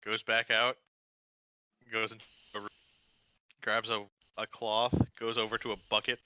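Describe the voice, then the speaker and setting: A man's voice: fairly low pitch, little pitch movement, normal speed, pushed and bright, clean tone, no room sound, poor audio. Man, game master, casual tabletop narration, stumbling over words, dry close sound.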